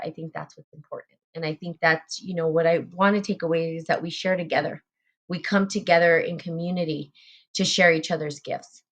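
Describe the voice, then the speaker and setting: A woman hosting a spiritual group talk, speaking earnestly about self-love, repeating phrases and using fillers. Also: fairly low pitch. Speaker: podcast host.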